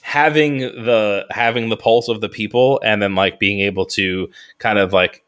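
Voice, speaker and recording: A man co-hosting a podcast in casual chat, halting with stumbling restarts. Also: lowish voice, a bit bright, clear, resonant tone. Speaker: podcast co-host.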